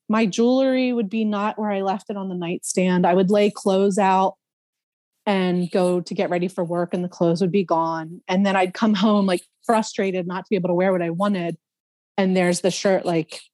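A woman, a podcast guest, telling a personal story in a casual, animated way, laughing often and imitating other people's voices. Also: mid-range voice, no echo.

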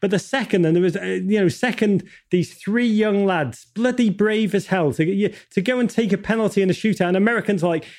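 High-voiced, impassioned man. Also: a little fast, few pauses, a little mellow. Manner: emphatic, impassioned, rhetorical, swears casually. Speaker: guest. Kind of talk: passionate interview talk.

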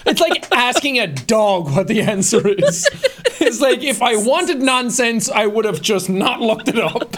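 A man's voice: very high voice, animated, unhurried, a bit bright. A young man co-hosting a podcast in casual chat, joking and laughing a lot. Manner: laughing, jokey, slips into silly voices. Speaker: podcast co-host.

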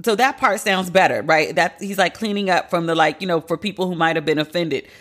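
Blunt, animated woman podcast host. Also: fairly quick. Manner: animated, blunt and profane, sharp pitch jumps for emphasis. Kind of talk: casual commentary podcast.

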